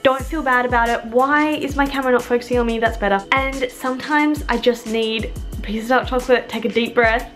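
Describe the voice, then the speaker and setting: A woman's voice: a little high, steady tone, a little fast, soft background music. Frank rambling young woman vlogger. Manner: rambling, frank, self-mocking. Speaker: vlogger and childminder. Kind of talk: candid talk to camera. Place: home, moving between rooms.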